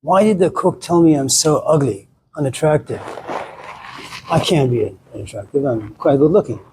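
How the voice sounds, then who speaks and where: A man's voice: a little high, moderate pace, darkish tone, a little hiss or hum, natural voice, poor audio. A man voicing a vain, indignant talking chicken. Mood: worried. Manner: indignant, boastful.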